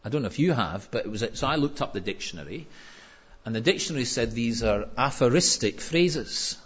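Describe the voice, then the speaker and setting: A man preaching a sermon in a lively, conversational storytelling way with touches of humor. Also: mid-range voice, a little fast, husky, dull audio.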